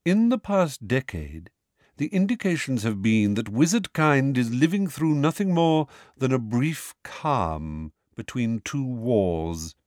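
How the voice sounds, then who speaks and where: A man voicing a calm, aloof male centaur teacher in an audiobook, speaking slowly and measured. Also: mid-range voice, dry recording, clean studio sound. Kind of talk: audiobook character voice.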